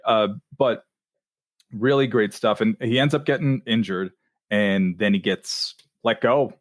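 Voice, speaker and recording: A man's voice: lowish voice, a little slow, no room sound, studio quality. Chatty man co-hosting a podcast. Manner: relaxed, chatty storytelling with fillers. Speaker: podcast co-host. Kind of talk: casual chat.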